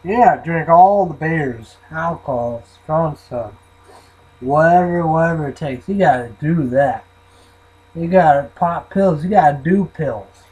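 A man's voice: on the high side, measured pace, darkish tone, breathy edge, rough recording. A man rambling and swearing in a casual vlog, often trailing off into mumbles. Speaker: vlogger reviewing an energy drink.

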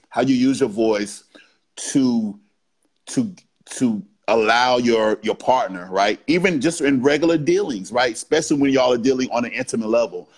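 Podcast guest, adult man, relaxed explainer who punctuates his talk with "right?". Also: medium pitch. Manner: explains in short bursts, tagging lines with "right?". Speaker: guest BDSM educator. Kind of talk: casual podcast interview talk.

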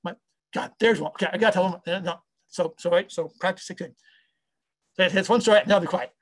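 Husky rambling man, high-pitched. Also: fast talker. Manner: rambling, full of fillers and acted-out quotes. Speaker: company founder and CTO. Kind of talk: casual talk to an online audience.

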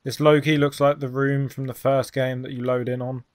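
A man's voice: mid-range voice, little pitch movement, normal speed, no room sound. A man commentating a game playthrough, frustrated and swearing about the ending. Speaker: gaming YouTuber. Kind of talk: let's play commentary.

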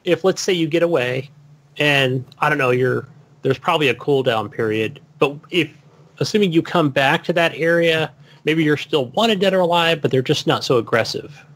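Guy on a gaming podcast, slightly higher voice, kinda thinking out loud. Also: normal speed. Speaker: podcast co-host. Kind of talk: casual gaming podcast chat.

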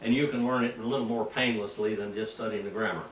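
A man's voice: lowish voice, fairly even intonation, fast talker. Older man preaching in an echoey room. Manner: rambling, anecdotal, with frequent restarts and throat clearing. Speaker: preacher and Greek teacher. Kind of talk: informal teaching sermon. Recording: echoey room, mic at a distance, faint background noise.

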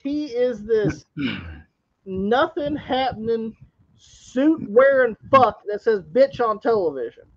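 Man, podcast co-host, incredulous and profane, breathy voice, lo-fi audio. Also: very high-pitched, expressive, slow. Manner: incredulous, swearing. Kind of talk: profane wrestling podcast chat.

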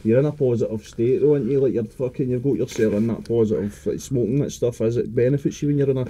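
A Scottish man rattling through casual podcast chat at a quick clip. His voice is dark and mellow, and he rambles and swears, leaning on "mate" and "know what I mean". His accent is broad west of Scotland. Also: medium pitch, husky.

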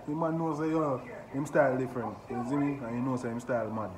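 A Jamaican man hosting a casual music reaction, talking excitedly and often asking "you see me?". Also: mid-range voice, fast, few pauses. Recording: echoey room with background noise.

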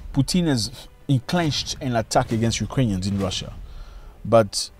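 A man giving opinion commentary on current events in a video, emphatic and full of rhetorical questions, his pitch swinging widely as he argues. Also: a little mellow.

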